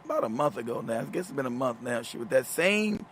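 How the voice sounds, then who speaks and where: A man's voice: medium pitch, animated, fast talker, husky. A middle-aged man hosting a talk show, telling a story casually, often laughing, swearing and repeating words. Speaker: show host.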